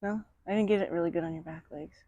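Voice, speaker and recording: A horse trainer outdoors, describing a training session and talking to the horse in a soothing way, with gentle, repeated reassurances. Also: medium pitch, steady tone, fast talker, no echo, dull audio.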